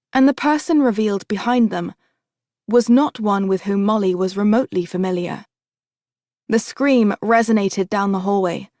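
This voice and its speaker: A woman narrating an audiobook in a steady, even storytelling manner. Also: medium pitch, no echo, studio quality. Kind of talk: scripted narration.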